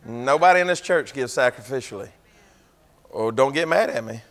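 A man preaching a folksy sermon, swinging from loud to hushed. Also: mid-range voice, expressive, normal speed, long reverb tail. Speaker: pastor.

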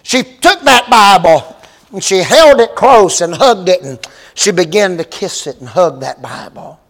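A man preaching a storytelling sermon, animated and building to shouted exclamations. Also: high-pitched, a little slow, vocal fry. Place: large church sanctuary. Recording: long reverb of a large hall.

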